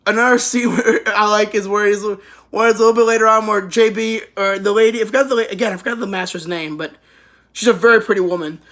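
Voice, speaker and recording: A woman's voice: mid-range voice, steady tone, fast talker, fairly bright tone. A woman giving a casual anime review, rambling through the plot with profanity and laughter.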